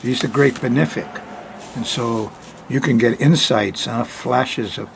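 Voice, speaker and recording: A man's voice: mid-range voice, unhurried, gravelly, a little hiss or hum. An older man hosting an astrology forecast in a chatty, folksy way, laughing often between points. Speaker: astrologer hosting a weekly sky report. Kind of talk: casual spoken forecast.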